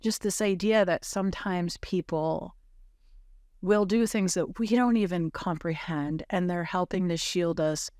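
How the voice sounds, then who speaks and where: A woman on a podcast telling a moving personal story in an earnest, halting way, with many fillers and restarts. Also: fairly low pitch, a little mellow, no room sound, clean studio sound.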